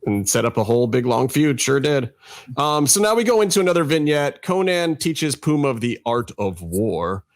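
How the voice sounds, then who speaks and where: A man's voice: mid-range voice, sing-song, normal speed, dry recording. A man co-hosting a casual podcast chat, talking in a dry, sarcastic, nitpicking way. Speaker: podcast co-host.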